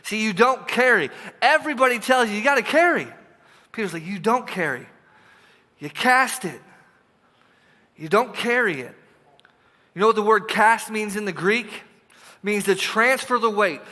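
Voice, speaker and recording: Bright, animated male pastor preaching. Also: high-pitched, long reverb tail. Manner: animated, acts out dialogue, drops to hushed intensity. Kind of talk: sermon. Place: church sanctuary.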